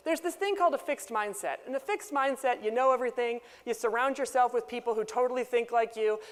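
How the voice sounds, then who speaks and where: Woman keynote speaker, high bright voice, lively and chatty, reverberant hall sound. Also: fast talker. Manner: lively, conversational, acts out quoted people. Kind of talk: conference keynote speech. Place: conference hall.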